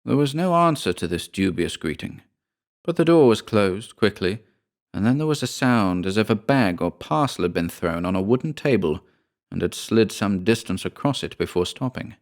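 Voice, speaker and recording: A man narrating a ghost story in a measured, deliberate way, as an audiobook narrator. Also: on the low side, lively intonation.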